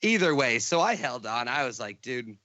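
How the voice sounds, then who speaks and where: A young man co-hosting a comedy podcast, spinning loose, rambling stories and slipping into voices for the people he quotes. His mid-pitched voice sits close and dry on the mic. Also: very animated, moderate pace, pushed and bright, dry recording, lo-fi sound. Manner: rambling storyteller, acts out quotes, laughs often. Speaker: podcast co-host. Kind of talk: casual comedy podcast chat.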